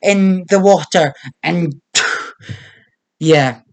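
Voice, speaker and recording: A man's voice: high-pitched, very slow. A young British man delivering a wry, self-deprecating stand-up comedy monologue.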